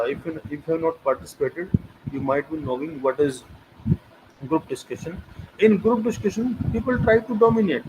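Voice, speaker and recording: A man with an Indian English accent giving an online lecture as a teacher, emphatic, posing rhetorical questions and repeating key phrases. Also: high voice. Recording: noisy recording with clicks.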